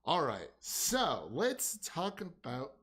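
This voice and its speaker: Man, co-host of a film review chat, loose rambling delivery, lots of filler, quick to laugh. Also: on the high side, huge pitch swings, crowd noise. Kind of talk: casual chat.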